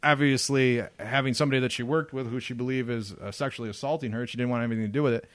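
A man co-hosting a crude, casual podcast, blunt and profane in his wording. His voice sits at an ordinary middle pitch, and he talks in an unhurried drawl. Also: steady tone. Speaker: podcast co-host.

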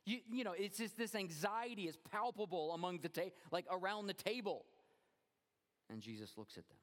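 Expressive man preaching in a reverberant church. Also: normal speed. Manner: expressive, drops low and quiet for emphasis. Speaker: pastor. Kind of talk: sermon.

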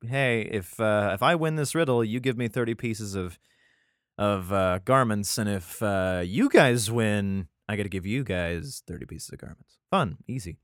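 Reading scripture aloud at a moderate pace, a man with a fairly low voice hosts a casual Bible podcast. He peppers it with profane, exasperated, rambling asides, and the studio-quality sound carries no echo.

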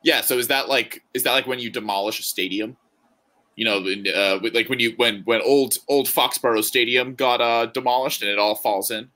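A man's voice: medium pitch, steady tone, fairly quick, sharp tone. A man co-hosting a podcast, chatting casually and joking as he rambles through his thoughts. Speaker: podcast co-host. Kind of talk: casual chat.

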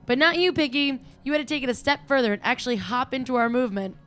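A woman with a somewhat high voice tears through a scripted comedic rant. She sounds brash, profane and cutting. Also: quick pace, fairly bright tone, soft background music. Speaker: resident commentator.

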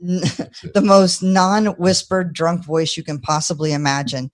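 A woman guest on a podcast, telling stories in an animated, casual way and laughing between lines. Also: fairly low pitch, normal speed. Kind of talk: casual storytelling.

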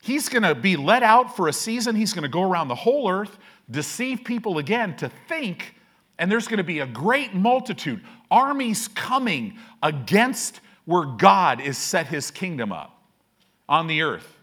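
A man's voice: sits high, big pitch swings, normal speed, a bit bright. A man preaching a sermon as pastor, casual and self-deprecating, often checking in with "right?".

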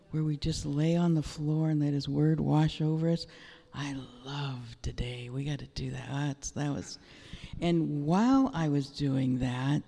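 A man's voice: on the high side, warm tone. A man sharing a prophetic word at a prayer meeting, emphatic and repetitive. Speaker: prayer minister. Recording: echoey room with long reverb.

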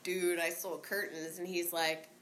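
A woman telling her recovery story in a candid, rambling way, swearing freely, laughing often and filling pauses with um and like. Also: lowish voice, flat delivery, fairly bright tone, slight background noise. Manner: rambling with many fillers. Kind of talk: casual spoken recovery story.

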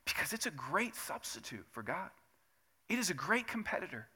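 A man preaching a sermon as pastor, talking to the congregation in a conversational way, asking rhetorical questions and building to loud, emphatic peaks. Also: sits high, big pitch swings, normal speed, slightly rough. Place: church sanctuary.

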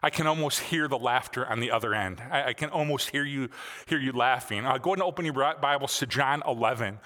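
A man's voice: medium pitch, quick pace, bright, forceful tone, in a large hall. A male pastor preaching a sermon in a conversational way, with frequent fillers.

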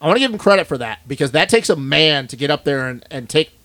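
A man's voice: a little high, animated, fast, a bit bright, dry recording. A man co-hosting a podcast in a studio, ranting bluntly and swearing a lot in casual chat. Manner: blunt, profane, fired-up ranting. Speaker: podcast co-host.

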